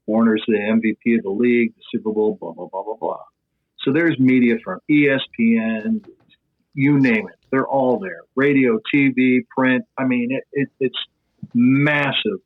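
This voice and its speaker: A middle-aged man with a Midwestern American accent, a sports broadcaster telling an animated anecdote on a podcast, tossing in fillers as he goes. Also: mid-range voice, breathy edge. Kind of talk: podcast storytelling. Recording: tinny phone-like line.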